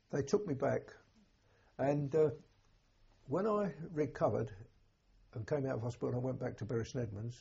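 An older English man, a war veteran, telling an oral history in a halting, plain-spoken way with a husky voice. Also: mid-range voice, mellow, lo-fi sound. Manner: halting, plain-spoken storytelling with many restarts. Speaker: war veteran recounting memories.

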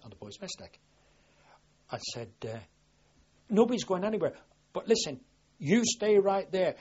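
An older man with a very husky, breathy voice tells his naval memories in a rambling, conversational way, often restarting his sentences and acting out what was said. His pitch sits in an ordinary middle range. The recording sounds dull and lo-fi, like an old archival tape. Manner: rambling with frequent restarts, lively when quoting himself. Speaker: war veteran recalling service. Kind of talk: oral history recollection.

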